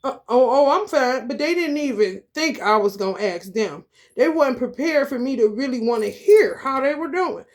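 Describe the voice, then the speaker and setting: A woman's voice: on the high side, lively intonation, normal speed. A woman tarot reader giving casual advice in a blunt, rambling, profane way, calling her listeners honey.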